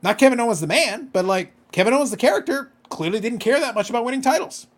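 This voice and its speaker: A man's voice: very high voice, lively intonation, fast talker. A man co-hosting a casual podcast chat, ranting with profanity and disbelief. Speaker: podcast co-host.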